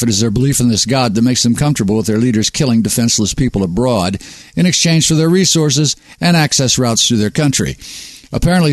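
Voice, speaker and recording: A man's voice: mid-range voice, no room sound. Sardonic man reading a monologue. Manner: sardonic, preachy delivery. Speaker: host.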